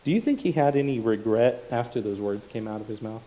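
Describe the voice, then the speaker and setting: A male preacher giving a sermon, building to loud, emphatic rhetorical questions. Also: medium pitch, brisk, slight background noise, poor audio.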